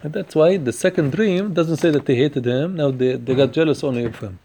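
A man teaching a Torah portion class. He chants Hebrew verses quickly, then explains them with rhetorical questions. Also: a little high, mellow, a little hiss or hum.

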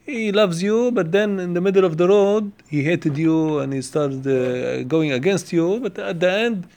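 Man, somewhat high voice, teaching a Torah lesson, questioning, repeats himself, fast Hebrew quotes. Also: darkish tone. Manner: questioning, explains step by step, repeats phrases; quotes Hebrew passages quickly.

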